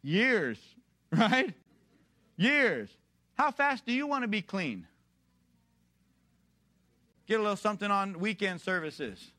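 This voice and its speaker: Here a male preacher with a fairly high voice speaks slowly in a sing-song way, leaving long pauses. He puts rhetorical questions straight to his congregation, and his hushed narration swells into emphatic, rising exhortation that gets loud.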